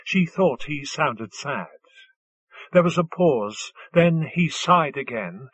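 Male narrator, slow and husky, dry dull lo-fi sound. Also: a little high, no echo. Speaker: audiobook narrator. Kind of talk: scripted narration. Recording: dull lo-fi recording.

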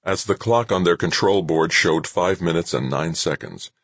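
A man narrating an audiobook in a measured storytelling manner. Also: sits low, fairly bright tone, no echo.

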